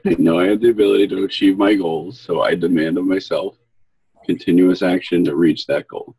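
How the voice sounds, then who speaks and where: A man answering questions in a group coaching session, hesitant and halting. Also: deep voice, steady tone, creaky, dark tone, slightly rough. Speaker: team member.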